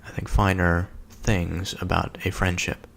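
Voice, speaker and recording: A man giving a slow, halting contemplative reflection on a scripture reading, pausing often and thinking aloud as he goes. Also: deep voice, little pitch movement, vocal fry, a bit bright, slight background noise. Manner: slow, halting, with many pauses and fillers. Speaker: solo speaker reflecting on scripture.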